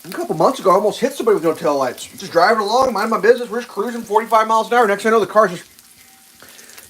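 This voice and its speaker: A man hosting a livestream, telling a rambling, profane story while he cooks and loudly acts out the quotes. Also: sits high, fast talker, slight background noise, low-quality recording. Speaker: livestream host. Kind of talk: casual storytelling while cooking.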